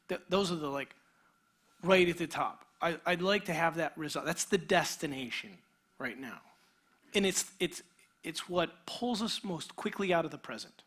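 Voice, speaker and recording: A man, a pastor, preaching a sermon in a conversational way, sometimes dropping to a near whisper and sometimes building to an animated retelling. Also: fairly high pitch, normal speed. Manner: shifts between quiet intimate passages and energetic animated retelling; conversational, with restarts and filler words.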